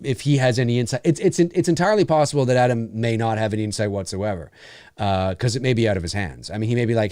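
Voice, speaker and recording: A man's voice: mid-range voice, fast, a little mellow, no echo, studio quality. A man in his forties co-hosting a casual live show, reading viewer messages and rambling as he searches for names. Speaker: podcast co-host reading live chat. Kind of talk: casual live commentary chat.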